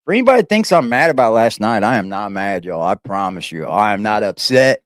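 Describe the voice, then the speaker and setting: A man's voice: on the low side, very animated, fast talker, dry recording, clean studio sound. A man hosting a reaction livestream, talking casually in a rambling, repetitive and emphatic way, with some swearing.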